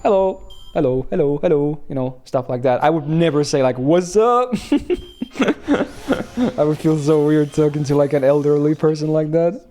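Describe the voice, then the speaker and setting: A man's voice: a little high, little pitch movement, normal speed, warm tone. A young man from Finland chatting casually on a game stream, rambling and laughing as he answers chat.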